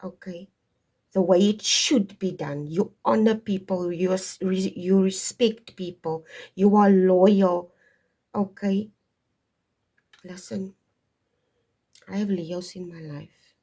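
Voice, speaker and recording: A woman's voice: fairly low pitch, a little slow, creaky, warm tone, breathy edge. A woman giving a casual tarot and astrology reading to her viewers, wandering off topic and stopping to stress her points. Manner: digressive, emphatic, stops to stress points. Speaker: tarot reader.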